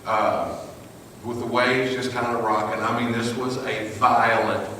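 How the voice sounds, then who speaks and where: A man preaching to a live audience, retelling a scene vividly and dropping to a hush for tension. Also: medium pitch, flat delivery, unhurried. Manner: vivid, shifts from loud to hushed. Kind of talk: dramatic storytelling sermon. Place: live venue, large hall. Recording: echoey hall from a distance with noise.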